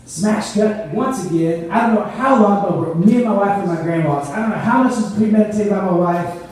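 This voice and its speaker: A man's voice: sits high, fairly quick, darkish tone, slight background noise. A man in his thirties doing a rambling, profane stand-up set, laughing at his own jokes. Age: 30s. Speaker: stand-up comedian. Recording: echoey room, mic far off.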